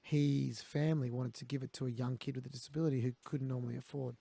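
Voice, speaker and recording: A man's voice: medium pitch, fairly even intonation, fast talker, gravelly, warm tone. An Australian man telling candid stories as a guest in a conversation, blunt and peppered with swearing. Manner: blunt, swears, quotes others.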